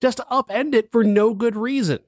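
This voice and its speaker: Speaking a little fast in a very high voice, a man co-hosts a film review podcast as a critic. The casual chat is blunt and exasperated, with frequent laughter, captured in a dry recording with clean studio sound.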